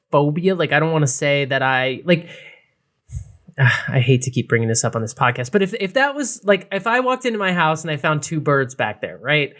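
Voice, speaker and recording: A man's voice: fairly high pitch, a bit bright. A man co-hosting a casual podcast, telling a story in a playful, rambling way with plenty of fillers. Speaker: podcast co-host. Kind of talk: casual chat.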